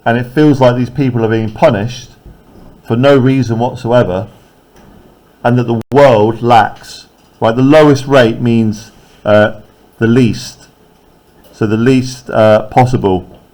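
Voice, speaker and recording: A man's voice: mid-range voice, steady tone, slow pace, pauses often, darkish tone. A man teaching a poetry lesson in class. He explains step by step, keeps checking in with "okay?" and "right?", and taps out rhythms aloud.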